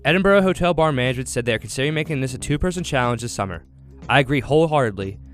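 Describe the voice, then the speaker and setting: A young man narrates his own food challenge as a mock-epic documentary, dramatic and grandiose. His mid-range voice is expressive and rapid-fire.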